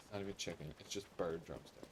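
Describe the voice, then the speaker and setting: A man's voice: low-pitched, fairly even intonation, quick pace, background noise. A man with an American accent streaming a video game, chatting casually and sassily to viewers. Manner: chatty, sassy, reads game dialogue aloud. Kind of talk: casual live game commentary.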